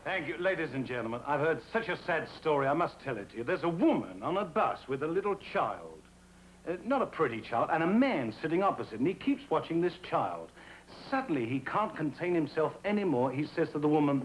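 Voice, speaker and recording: Jaunty comedian's stand-up monologue. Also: male voice, a little high, very animated, rough recording. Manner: brisk, jaunty joke-telling. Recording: old TV audio with faint hiss.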